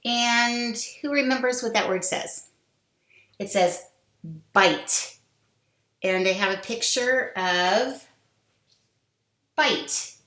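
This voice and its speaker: Woman, kindergarten teacher, unhurried phonics delivery, room echo. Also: a little high, pushed and bright. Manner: slow, sounding out words, sing-song prompts. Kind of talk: phonics lesson to young children. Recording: echoey room.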